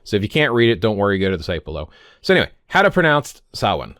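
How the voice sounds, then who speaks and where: Speaking quickly in a lowish, sing-song voice with a bit of brightness, a man in his fifties rambles casually to camera for his pagan vlog. He stumbles over words and keeps correcting himself. The sound is clean studio audio with no echo.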